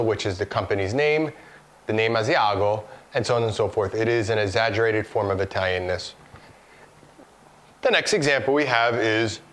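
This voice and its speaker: A man's voice: on the low side, a bit bright. A man presenting a video lesson, explaining product examples one by one in a scripted, instructive way. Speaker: course instructor.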